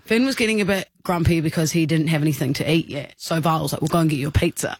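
A woman's voice: low voice, quick pace, husky, no echo. An Australian woman in her thirties chats on air as a radio co-host. She tells stories in a rambling, giggly way. Her close studio mic sounds dry. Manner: chatty storyteller, giggly. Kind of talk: casual radio banter. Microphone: studio microphone.

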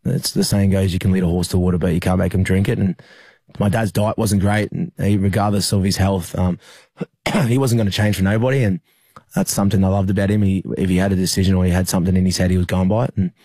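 Australian man, young adult, very deep voice, flat delivery, dark tone, halting with fillers, dry close sound. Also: husky, no room sound. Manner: halting, many fillers and restarts. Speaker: rugby league player. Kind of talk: emotional interview recollection.

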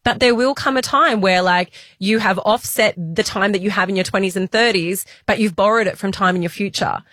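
A woman around forty hosts a casual podcast chat in a reflective, emotional tone. Her middle-pitched voice is recorded close and dry with no room sound. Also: fairly quick, no room sound. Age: 40s. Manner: warm-hearted, tearful, reflective.

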